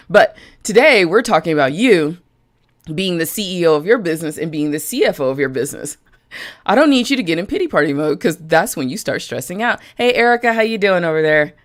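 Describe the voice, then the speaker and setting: A woman business coach talking directly to live-stream viewers, chatty and frank, greeting people by name as she goes. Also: fairly low pitch.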